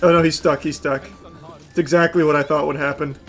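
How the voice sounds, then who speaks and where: A man hosting an online video, giving a dry film review and loud gameplay commentary. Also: a little high, brisk, faint music behind. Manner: dry, flat delivery that breaks into loud excited yelling.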